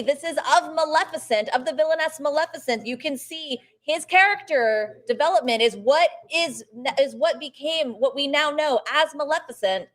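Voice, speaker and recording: A woman auctioneer with a notably high voice runs a live sale, rattling off bid amounts in a steady chant. She keeps urging bidders to raise once more and slips in brief remarks on the artwork between calls. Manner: brisk chanted bid calls, coaxing bidders, quick art commentary.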